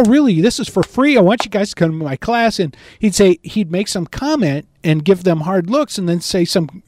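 With a high, bright voice that rises and falls, a middle-aged man delivers a storytelling sermon full of animated energy, booming the quoted lines. The recording is close and dry, without any echo.

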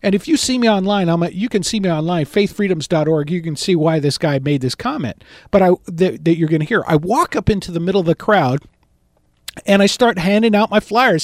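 A middle-aged man preaching, telling a story in an animated way and shouting out the quoted lines. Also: sits high, a little fast, dry recording, studio quality. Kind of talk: storytelling sermon.

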